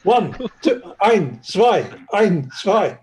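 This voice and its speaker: Man doing a German officer, stern, barked commands, slow, slightly high. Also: big pitch swings, darkish tone, heavily acted. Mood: barking.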